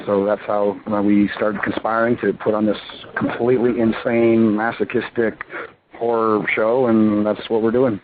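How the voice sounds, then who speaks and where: Wrestler guest in his thirties, excitable rambling talk, tinny phone line with a faint hiss. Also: on the low side, moderate pace. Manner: excitable, rambling, full of "you know" and "I mean". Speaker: pro wrestler, interview guest. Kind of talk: casual phone interview.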